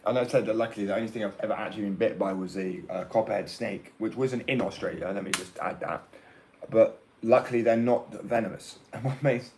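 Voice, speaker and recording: A man's voice: lowish voice, fairly quick, a little mellow, slight background noise, rough recording. A young man with an English accent, talking in a brash, rambling casual rant and swearing freely. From England.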